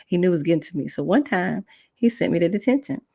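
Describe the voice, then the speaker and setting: Gravelly-voiced woman telling a personal story. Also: fairly low pitch, quick pace, dry recording. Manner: animated, acts out quoted dialogue; casual, chatty asides to viewers. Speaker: podcast host.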